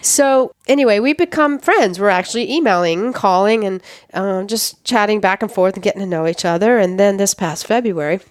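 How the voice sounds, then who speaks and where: A middle-aged woman, a guest on an interview show, tells a story in a casual, animated way and acts out the dialogue she quotes. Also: mid-range voice, fairly quick, dry recording, studio quality.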